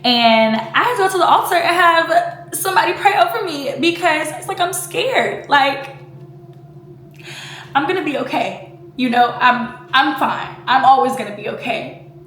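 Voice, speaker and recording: High-pitched, animated, and a bit bright, this vlogger in her twenties speaks a little slowly in a roomy recording with a little hiss or hum. Her casual personal talk to the camera is emotional and tearful at times, brimming with "like" and "you know."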